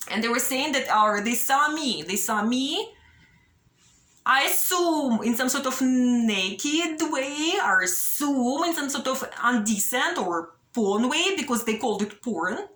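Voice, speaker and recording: Speaking straight to camera in an echoey room, a young woman makes a personal appeal in a high, fairly bright voice. She sounds anxious and pleading, and many of her sentences end with a questioning "yeah?".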